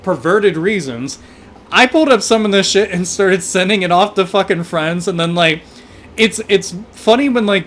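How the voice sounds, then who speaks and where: A man hosting a gaming livestream, ranting in animated, profane casual chat and thanking donors. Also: high-pitched, slight background noise.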